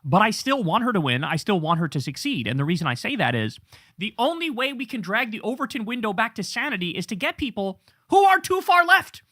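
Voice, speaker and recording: A middle-aged man delivers a heated political monologue, his pitch leaping all over the place as he swears and mimics his opponents. The voice is bright and forceful. The sound is dry and close, with no room around it. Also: fairly quick, no room sound. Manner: profane, animated, mocking impressions of opponents. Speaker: political commentary host. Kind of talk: ranting political commentary.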